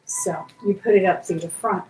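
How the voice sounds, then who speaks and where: A woman's voice: fairly low pitch, normal speed, a little mellow. A woman hosting a live jewelry sale, chatting casually as she shows and describes each piece. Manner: chatty, describes pieces while handling them. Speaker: auction host. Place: indoor room. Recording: roomy echo, faint music behind.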